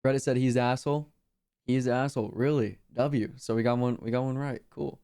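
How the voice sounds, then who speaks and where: A man's voice: mid-range voice, fairly even intonation, brisk, warm tone, clean tone. A young man streaming casually, rambling in a laid-back slangy way with lots of fillers. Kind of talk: casual reaction chat.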